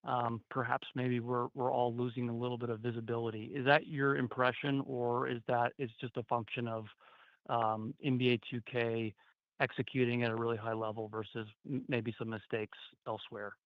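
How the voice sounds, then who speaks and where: A male analyst asking long, halting questions on an earnings call, full of restarts. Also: mid-range voice, little pitch movement, no echo. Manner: rambling, many restarts. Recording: dry, muffled phone audio.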